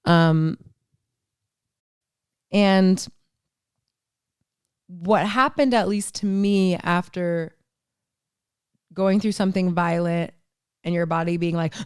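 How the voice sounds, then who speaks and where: Slow, smooth-voiced woman podcast host. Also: fairly low pitch, no echo, clean studio sound. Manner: earnest, rambling, swears freely, laughs often. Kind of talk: casual solo monologue.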